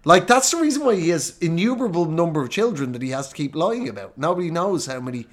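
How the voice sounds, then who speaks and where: An Irish man co-hosting a comedy podcast, telling stories in a lively way and laughing through his lines. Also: fairly high pitch, fast. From Ireland. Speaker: podcast co-host. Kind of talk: comedic storytelling chat.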